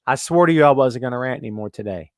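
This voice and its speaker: A man's voice: medium pitch, racing, dry recording, studio quality. A man hosting a wrestling podcast, ranting emphatically and repeating himself, then answering chat questions casually. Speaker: podcast host.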